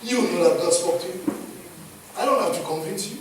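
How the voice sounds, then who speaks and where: A man with a Kenyan accent preaching a sermon as pastor, emphatic, swinging between loud and hushed. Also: sits high, a little fast. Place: church hall. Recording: echoey hall, distant mic, faint noise.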